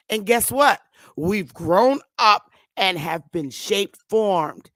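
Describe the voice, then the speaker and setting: A woman's voice: mid-range voice, fairly bright tone, no room sound. A woman in her fifties with a Connecticut accent, hosting a talk show and lecturing viewers in an emphatic, repetitive way. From Connecticut, USA. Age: 50s. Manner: emphatic and repetitive, drawing words out. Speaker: show host.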